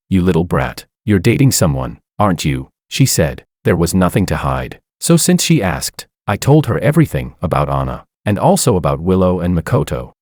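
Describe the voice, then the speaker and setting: Deep-voiced young man narrating a story. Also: a little mellow, no room sound, clean studio sound. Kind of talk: first-person story narration.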